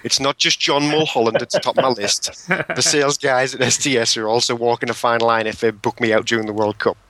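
A man's voice: medium pitch, fairly even intonation, fairly quick, sharp tone, no room sound. A man, a guest on a podcast panel, chatting casually and joking as he talks. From England.

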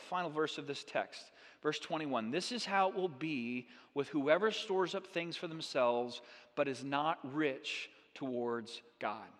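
Animated high-voiced male pastor preaching. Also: a little slow, big-room sound. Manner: animated, acts out the people in the story. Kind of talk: sermon. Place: church sanctuary.

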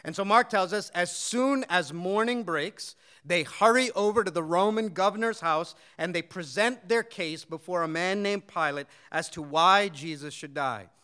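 Bright, clear-voiced male preacher. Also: high voice, moderate pace, hardly any pauses. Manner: earnest storytelling with rhetorical questions. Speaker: pastor. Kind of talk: expository sermon.

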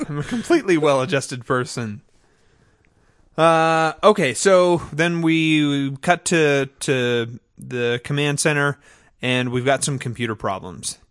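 Bright, animated man chatting on a podcast. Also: fairly high pitch, unhurried, dry recording, clean studio sound. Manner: animated, acts out characters' lines with laughs. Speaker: podcast co-host. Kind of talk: casual chat recapping a TV episode.

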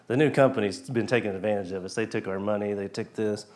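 A man's voice: on the low side, quick pace, darkish tone. A man giving a casual testimony at a church service, chatty and chuckling, often asking the crowd questions. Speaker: lay speaker giving a testimony. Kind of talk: informal church talk.

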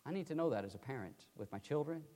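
An older man preaching a sermon, emphatic, swinging from loud pleading to quiet asides. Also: mid-range voice, expressive, quick pace. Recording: long hall reverb.

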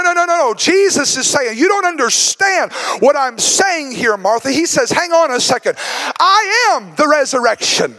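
A man preaching a sermon as a guest speaker, impassioned and building to shouts, acting out the words of biblical figures. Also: very high-pitched. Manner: acts out biblical speakers in dramatic quotes.

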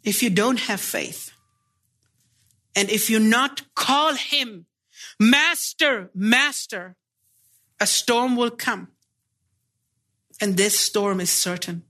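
A man preaching a sermon, earnest and deliberate, pressing his listeners with pleading rhetorical questions. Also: high-pitched, sharp tone.

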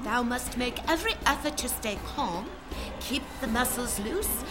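A woman's voice: fairly high pitch, expressive, measured pace, music in the background. A woman voicing an eager, helpful cartoon girl servant who encourages her master. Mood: encouraging.

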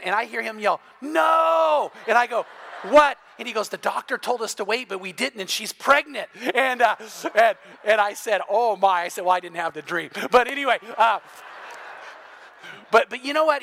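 A middle-aged man preaching a sermon, his voice high and bright. He tells stories with lively energy and acts out the people he quotes. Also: creaky, a little hiss or hum. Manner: storytelling, animated, acting out quoted voices. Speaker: pastor.

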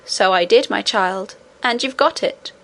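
A woman reading aloud voices a calm, wise and mysterious old grandmother who speaks in a measured, reassuring way. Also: medium pitch, poor audio. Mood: serene.

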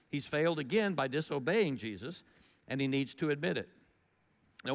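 A man delivering a sermon in a relaxed, conversational tone, leaning into the story with swings in loudness. His voice sits a little higher than most men's. It rings out with a long echo, as in a large sanctuary. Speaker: pastor.

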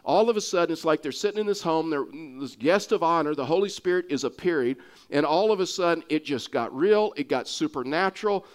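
Texas preacher with a raised pitch. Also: male voice, lively intonation, fairly quick, clean tone. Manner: earnest, repeats and restarts words for emphasis. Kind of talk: sermon.

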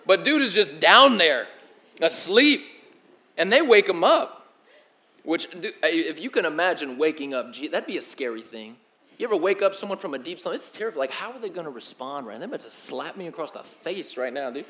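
Animated young male preacher, slangy. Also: a little high, moderate pace. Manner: animated storytelling, slangy, swings from loud to hushed. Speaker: pastor. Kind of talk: sermon.

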